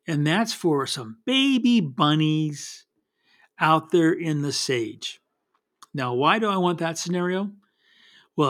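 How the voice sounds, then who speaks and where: A man casually teaching wildlife photography in a folksy, meandering way, often restarting his sentences. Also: fairly high pitch. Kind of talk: casual spoken photography tips.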